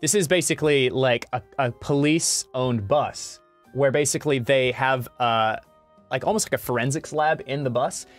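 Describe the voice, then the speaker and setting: A man from Western Australia with an Australian accent, telling a story in casual chat, animated and swearing freely. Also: mid-range voice, normal speed, soft background music.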